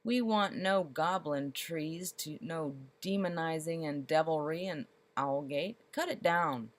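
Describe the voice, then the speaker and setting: A woman doing a barking gruff lord. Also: low voice, slow pace. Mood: stern. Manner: barking, loud. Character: gruff, commanding male lord of the castle.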